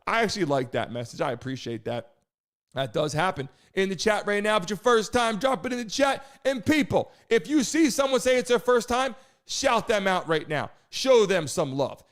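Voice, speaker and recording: A man hosting a live stream, hyping the chat, shouting out viewers and talking loosely with some swearing. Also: sits high, lively intonation, normal speed. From United States.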